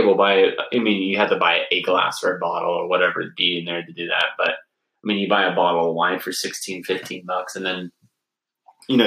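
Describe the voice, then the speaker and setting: Low-voiced rambling male podcaster. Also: reverberant, low-quality recording. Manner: relaxed, rambling storyteller. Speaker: podcast co-host. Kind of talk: casual chat.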